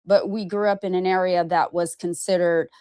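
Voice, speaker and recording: Her voice is lowish, darkish, clear and resonant, with little pitch movement and a moderate pace, recorded dry with clean studio sound. She is a woman in her fifties from Arizona, USA, a vlogger and podcast host giving a candid monologue to camera about her life. She speaks frankly and emphatically, swears casually, and keeps saying "okay?".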